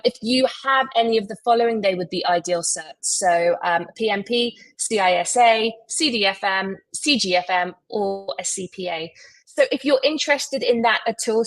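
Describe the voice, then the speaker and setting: A woman's voice: no room sound, low-quality recording. Upbeat woman recruiter, dry sound. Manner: brisk, upbeat job pitches with frequent fillers. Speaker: recruiter and show host. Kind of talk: live recruiting show.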